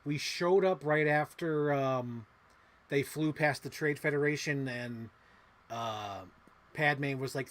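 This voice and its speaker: A man hosting a casual livestream, rambling excitedly and swearing often, acting out little movie quotes as he talks. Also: a little high, normal speed. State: emotional. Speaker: livestream host.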